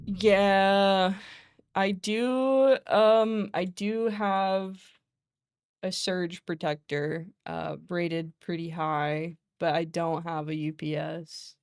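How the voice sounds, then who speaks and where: A woman's voice: on the low side, steady tone, drawn-out words, a little mellow, smooth, dry recording, clean studio sound. A woman streamer in casual chat from her home, giggly and rambling, calling herself nervous.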